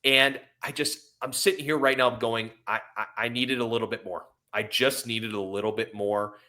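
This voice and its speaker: A sports podcast co-host rants with emotion, then apologizes for it, rambling in an impassioned way. His mid-range voice is bright and forceful, at a normal speed with fairly even intonation.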